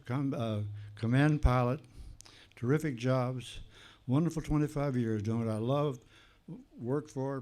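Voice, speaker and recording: A man's voice: mid-range voice, a little mellow. An older man giving a talk at a recovery meeting, emphatic and folksy, repeating key phrases with dry humor.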